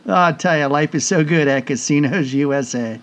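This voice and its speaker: A man's voice: fairly high pitch, moderate pace. A male podcast host speaking in an exuberant, folksy way, full of exclamations. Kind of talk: enthusiastic podcast hosting.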